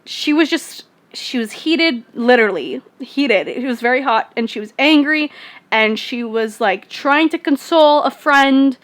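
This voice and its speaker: A woman's voice: high voice, lively intonation, unhurried. A young woman vlogger rambling casually through a personal story, full of fillers and restarts.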